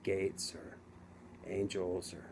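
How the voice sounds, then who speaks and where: A middle-aged man casually telling his own story to camera, rambling and halting with many restarts. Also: sits low, monotone, gravelly, darkish tone, slight background noise. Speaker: vlogger telling his near-death story.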